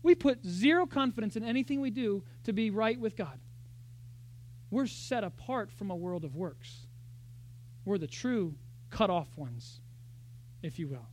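A pastor giving a sermon in a church, talking in an animated, conversational way with lots of rhetorical questions. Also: male voice, high-pitched, a little slow, pauses often, a little hiss or hum.

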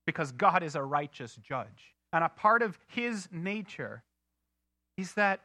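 A married man preaching a sermon, swinging from loud outbursts to hushed, slow emphasis. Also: a little high, sing-song, no room sound. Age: adult, married. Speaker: pastor.

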